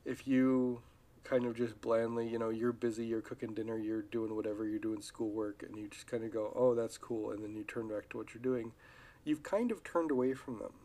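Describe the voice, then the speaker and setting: Fairly low in pitch and fairly quick, a man chats on his own podcast. His solo talk is relaxed and meandering, full of false starts.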